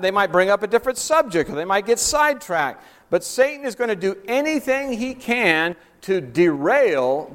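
A man delivers a sermon in an animated, conversational way, with a fairly high voice. His words ring out with a long reverb, as if he is speaking in a large hall. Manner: animated, acts out quotes with rising pitch. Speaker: preacher. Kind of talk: sermon on soul-winning.

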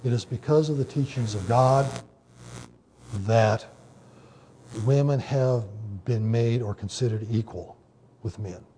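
A man preaching a sermon in a conversational teaching manner, often pausing with "okay" and "you know". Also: medium pitch, dark tone, slight background noise. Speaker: pastor.

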